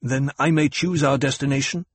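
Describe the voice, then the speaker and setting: A man reading aloud voices an earnest, resolute young man who speaks with proud intensity in a husky voice. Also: medium pitch, steady tone, moderate pace, no echo, natural voice.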